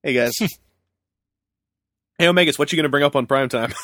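Male podcast host, higher register, dry close sound; rambling, repeats himself, erupts into excited rants. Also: a little fast, no echo. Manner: rambling, repeats words when starting, bursts into excited shouts. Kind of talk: casual podcast chat.

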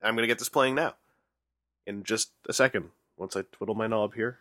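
A man's voice: lowish voice, steady tone, a little fast, a bit bright, no echo, clean studio sound. A man hosting a podcast in casual chat, joking and teasing his co-host in a showman-like way.

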